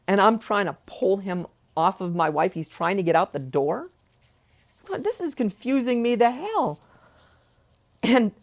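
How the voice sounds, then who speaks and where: A man's voice: high-pitched, vocal fry. A man at home in his chair, telling a personal story in a heated, indignant way, with rhetorical questions and swearing. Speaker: vlogger telling a family story. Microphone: wearing headphones, close mic.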